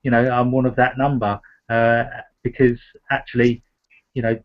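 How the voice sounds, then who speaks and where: A man hosts a talk discussion at a medium pitch. He speaks haltingly, with plenty of ums and restarts. The sound is dull and lo-fi. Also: little pitch movement. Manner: halting, many fillers and restarts. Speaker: host. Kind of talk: casual discussion.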